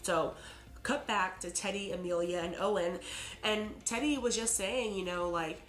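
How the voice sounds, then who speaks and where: A woman talks through a TV episode in a loose, casual recap and fills her sentences with "like" and "you know." Her voice sits at an ordinary middle pitch for a woman. The room gives it a noticeable echo, and a little music plays faintly underneath. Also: unhurried. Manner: chatty, heavy on "like" and "you know". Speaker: TV episode reviewer. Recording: roomy echo.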